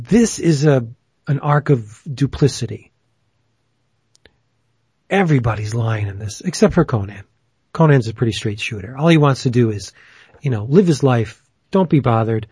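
A man's voice: mid-range voice, a little mellow, husky, no room sound. A man hosting a casual chat who rambles enthusiastically, with plenty of fillers. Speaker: podcast host.

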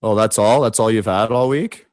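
Deep-voiced joking male podcast co-host. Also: moderate pace, a little mellow, no echo. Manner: joking, storytelling, says "like" and "right?" often. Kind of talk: casual chat.

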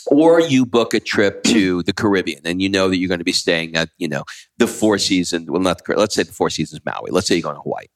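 A man's voice: low-pitched, fast. A middle-aged man from the United States co-hosting a casual travel chat, telling stories and acting out quotes. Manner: animated storyteller, acts out quotes. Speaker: co-host.

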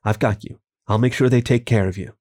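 A man voicing a tall, caring male wolf in a story reading, quiet and reassuring. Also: lowish voice, steady tone, brisk, close to an everyday voice.

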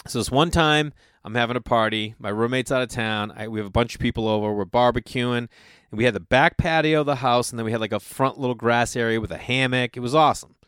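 A man's voice: medium pitch, fast talker, smooth, no room sound, studio quality. A man telling a comic story in a loose monologue, swearing freely and acting out what other people said. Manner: animated, profane, acts out other people's lines.

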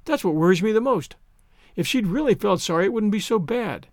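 A strict, no-nonsense older spinster in a storybook, brisk and scolding, as a man reading aloud puts her on. The voice is high and lively, recorded dry and close. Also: no echo.

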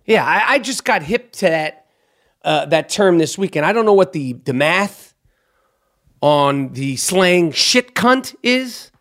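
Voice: mid-range voice, animated, slow pace, fairly bright tone. An angry podcast host speaks into a studio mic in a mid-range voice. The delivery is a profane rant, full of stammers and restarts. Phrases get repeated for emphasis. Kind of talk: angry monologue commentary.

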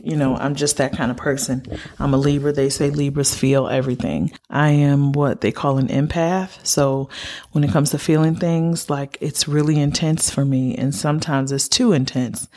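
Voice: medium pitch, warm tone. A podcast host talking openly and from the heart in a personal monologue, rambling with many "like"s.

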